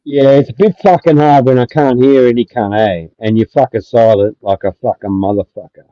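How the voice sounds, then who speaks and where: A man with a medium-pitched, fairly even voice hosts a livestream, talking briskly in a heated, aggressive rant full of repeated swearing. The audio is dry, dull, and lo-fi with no room sound.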